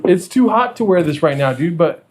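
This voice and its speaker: A man's voice: sits high, expressive, normal speed. A man hosting a podcast, chatting casually in a rowdy, joking way with lots of swearing and laughter. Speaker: podcast host. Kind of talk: casual chat.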